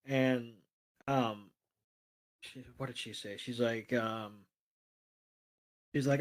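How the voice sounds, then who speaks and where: A man's voice: medium pitch, slow pace, long pauses. A man co-hosting a podcast, casually recapping a cartoon episode and loosely quoting the characters, with plenty of ums and you knows. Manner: relaxed storytelling, quotes characters in a plain voice, frequent fillers. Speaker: podcast co-host.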